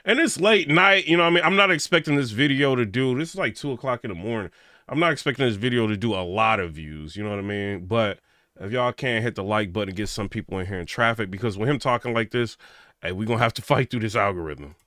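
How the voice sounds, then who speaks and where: A man's voice: on the low side, fast, sharp tone, no echo, studio quality. A man hosting a late-night casual reaction stream, chatting loosely, reading viewer comments aloud and laughing often.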